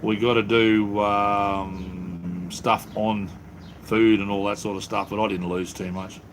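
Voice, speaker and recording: Laid-back Australian man, slightly low. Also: flat delivery, slow pace, slight background noise. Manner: rambling, laid-back, many ums and restarts. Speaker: livestream host. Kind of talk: casual live-stream chat. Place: cleared-out space under his house.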